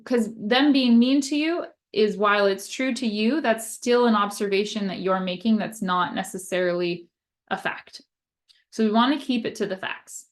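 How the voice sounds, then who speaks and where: A young woman explains communication skills in a relaxed, conversational teaching manner. Her voice sits at a mid pitch, and she often checks in with "right?" before acting out little example phrases. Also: moderate pace. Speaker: occupational therapist. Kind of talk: casual explanatory talk.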